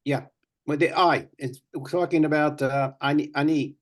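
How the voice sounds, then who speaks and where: A man's voice: fairly high pitch, fairly even intonation, normal speed. Man student asking in class. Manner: asks questions plainly.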